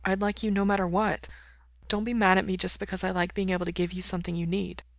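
Woman reading a gentle young man. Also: medium pitch, level tone, fast, creaky, no room sound, studio quality, natural voice. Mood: tender.

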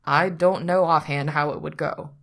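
A woman voicing a dry, long-suffering male attorney who speaks in a measured, wry way. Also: low-pitched, steady tone, a bit bright.

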